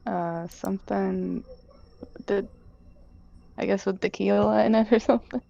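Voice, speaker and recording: A woman's voice: mid-range voice, steady tone, measured pace, vocal fry, warm tone, muffled recording. A woman playing a tabletop game, speaking in a hesitant, unsure way. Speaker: player. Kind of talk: casual tabletop play.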